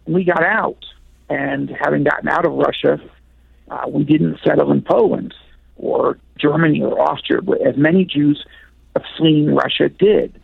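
Man, gravelly voice, husky, phone-line sound, rambling interview answers. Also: a little high, fairly even intonation, unhurried, no echo. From United States. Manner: rambling, many fillers and restarts. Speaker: author guest. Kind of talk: radio interview.

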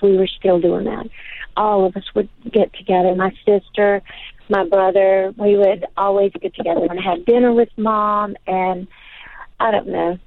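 A woman's voice: medium pitch, vocal fry, no echo. An older woman, a guest in an interview, chatting in a rambling way full of "you know". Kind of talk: casual interview chat. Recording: tinny phone-like line, dry.

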